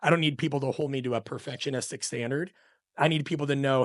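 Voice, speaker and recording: A man's voice: medium pitch, fast talker, a bit bright, no room sound, studio quality. A middle-aged man speaking as a podcast guest, an opinionated coach talking in a passionate, emphatic, ranting way. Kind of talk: podcast conversation.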